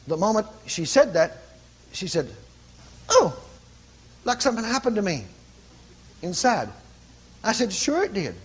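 Husky high-voiced man preaching. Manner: builds from quiet telling to loud commanding cries. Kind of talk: sermon storytelling.

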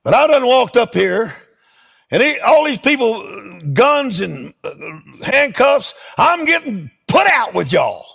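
Preacher guy, gravelly voice, acting out the whole story real lively. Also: very high voice, takes it slowly. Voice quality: acts out dialogue with animated, emphatic delivery. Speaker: preacher telling a testimony. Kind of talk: sermon storytelling.

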